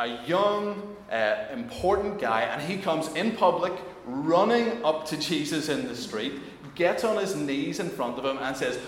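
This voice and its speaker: Man preaching in a big reverberant hall, mid pitch, animated delivery with many restarts. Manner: animated, many restarts, acts out quoted voices. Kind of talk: sermon. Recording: very echoey hall, faint room noise.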